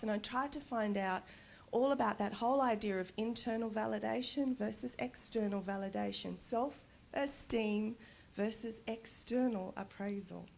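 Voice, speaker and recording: A middle-aged woman giving a conference talk, telling personal stories in a candid, animated way and laughing often. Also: on the high side, gravelly, slight background noise. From Australia. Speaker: conference speaker. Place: conference stage.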